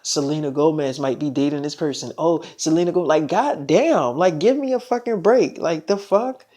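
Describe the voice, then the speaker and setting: In storytime role-play, a brash young female pop star rants in a torrent of profanity, fast and fed up, as the storyteller puts her on. The voice stays close to the teller's own everyday tone. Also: medium pitch, warm tone, close to an everyday voice. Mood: ranting, irritated. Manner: profane, ranting, fast and irritated.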